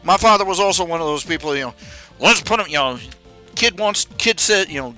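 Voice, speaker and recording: A podcast host rants on a casual talk stream, rambling with many restarts and switching into raised, mocking voices to quote his parents. His voice is on the high side, expressive and sharp-toned, a little fast, with soft background music over poor audio.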